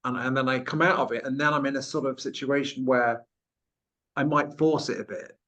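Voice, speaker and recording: A man's voice: medium pitch, steady tone, a little fast, fairly bright tone, dull audio. A man hosting an interview, asking long searching questions in a rambling, self-deprecating way. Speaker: interviewer, podcast host. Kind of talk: casual interview conversation.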